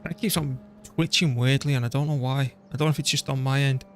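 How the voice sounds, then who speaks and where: Over slight background noise, a man with a mid-range, fairly even voice talks at a quick pace while streaming a strategy game live. His commentary is chatty and self-deprecating, and he talks to his PC and the game as he goes.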